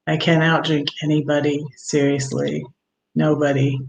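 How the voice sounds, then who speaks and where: A woman's voice: deep voice, level tone, normal speed, creaky, darkish tone, slight background noise. A woman hosting her first casual livestream, a bit scattered about the tech and sympathetic toward her guests. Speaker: livestream host. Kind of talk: casual live-stream chat. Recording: roomy echo.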